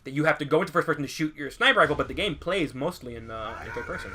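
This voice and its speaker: Man, let's play co-host, rapid, bright-toned, rambling, swears a lot, animated storyteller. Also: fairly high pitch, slight background noise. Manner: animated, acts out voices in anecdotes. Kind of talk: casual gameplay commentary.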